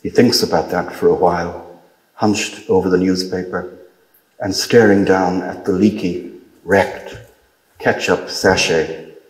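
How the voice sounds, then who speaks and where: A man reading his own literary story aloud in a measured, dry manner. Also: sits low, steady tone, echoey room, low-quality recording. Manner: measured, dry storytelling with brief lifts for quoted dialogue.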